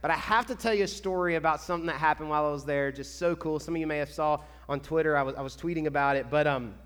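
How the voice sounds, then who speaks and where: An upbeat male pastor, fairly high-voiced, talks to his congregation in a loose, excitable way. His voice rings out through a big reverberant church hall. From Kentucky. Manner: excitable, chatty, enthusiastic. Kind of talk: church announcements before a sermon. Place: church sanctuary.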